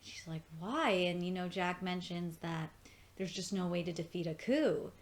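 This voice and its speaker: A young woman giving an excited, profane, gushing review of a cartoon episode in casual chat. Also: on the low side, normal speed. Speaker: video reviewer.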